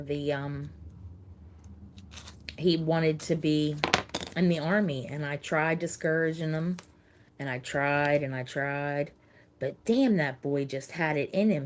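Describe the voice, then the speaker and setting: A middle-aged woman with a deep voice hosts a casual livestream chat with her viewers. She talks haltingly and repeats words as emotion creeps in, with slight background noise behind her.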